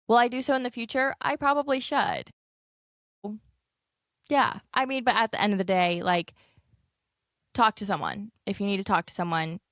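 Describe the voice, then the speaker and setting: A woman's voice: medium pitch, a bit bright, dry recording, clean studio sound. A young woman hosting a solo podcast, talking candidly in a chatty, rambling way full of fillers. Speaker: podcast host. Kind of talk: casual solo podcast chat.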